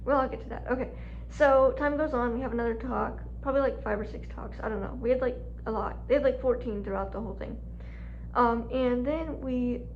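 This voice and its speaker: Brief: woman vlogger, rambling casual chat full of "like", higher voice, dull lo-fi sound with faint hum. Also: brisk. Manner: chatty, heavy use of "like", laughs often. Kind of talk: casual storytelling vlog. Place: home room with furnace running.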